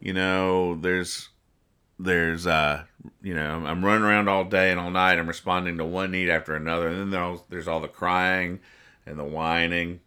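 A man hosting a comedy podcast, casually retelling comic strips with jokey asides and quick quoted voices. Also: low-pitched, flat delivery, bright, forceful tone, smooth. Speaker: podcast host reading comics.

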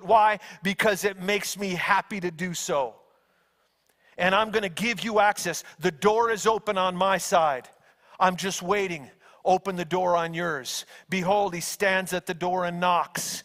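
Man preaching, very high voice, bright and forceful, long reverb of a big hall. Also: slow pace. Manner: animated storytelling, acting out angels with shouts. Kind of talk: sermon.

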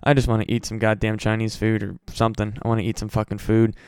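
Worn-out podcast host, a man from the Midwest, flat delivery, very clear dry sound, loose and profane. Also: on the low side, quick pace, dry recording. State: very tired. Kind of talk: casual solo podcast chat. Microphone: home podcast mic.

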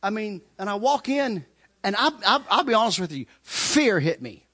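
Animated man with a lively high voice. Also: fairly quick. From Kentucky. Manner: repeats phrases for emphasis, chuckles through the telling. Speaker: guest sharing his testimony. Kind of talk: animated personal testimony storytelling.

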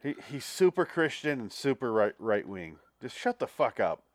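A man's voice: medium pitch, very animated, moderate pace, no echo. A man hosting a casual podcast conversation, recorded dry and close. He talks bluntly and jokes a lot, swearing freely as he rants. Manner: blunt, profane, joking. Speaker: podcast host. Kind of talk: casual chat.

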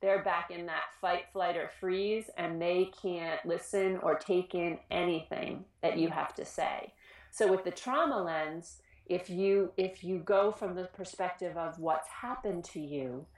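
A woman who works with children in schools, giving an informal talk on trauma, earnest and animated, often restarting her sentences. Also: on the low side, a little slow, echoey room. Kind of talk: informal educational presentation.

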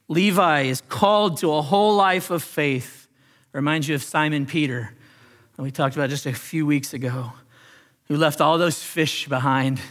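A man preaching a sermon in an earnest way, his slightly high voice rising on key phrases and then sinking low and soft. His delivery is built for a congregation and leans on repetition. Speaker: pastor.

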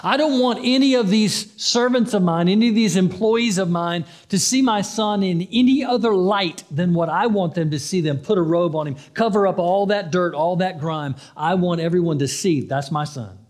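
A pastor delivering a sermon in a conversational way, acting out the story's dialogue and repeating phrases for emphasis. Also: male voice, sits high, moderate pace, hardly any pauses, a little mellow.

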